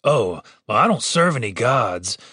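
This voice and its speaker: A man's voice: medium pitch, big pitch swings, measured pace, bright, forceful tone, slightly rough, no echo, studio quality, heavily acted. A man voicing an awkward, sheepish dwarf cleric who hesitates and stammers.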